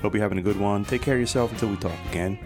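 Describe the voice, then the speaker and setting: A man's voice: fairly low pitch, racing, over music. A middle-aged man hosting a podcast, rambling casually and laughing at himself while driving in traffic. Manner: chatty, wandering, laughs at himself. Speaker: podcast host. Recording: car road noise behind voice.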